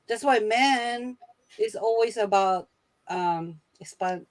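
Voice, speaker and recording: A woman's voice: medium pitch, dry recording. Woman guest musing in a dry close voice. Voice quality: thoughtful, halting with many restarts. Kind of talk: casual chat.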